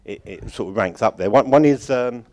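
A man's voice: mid-range voice, normal speed, darkish tone. A man giving an informal, rambling closing address at a church conference. He chuckles often and keeps correcting himself. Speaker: conference organiser addressing congregation.

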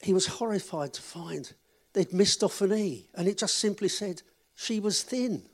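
A man's voice: high-pitched, moderate pace. Chatty man reading out church notices. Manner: chatty, friendly announcer, joking with the audience. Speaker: event leader giving notices. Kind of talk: church notices and a told joke.

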